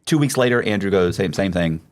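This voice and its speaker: Deep-voiced fast-talking man, loose and profane. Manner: profane, animated, many restarts. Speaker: podcast host. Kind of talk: casual storytelling.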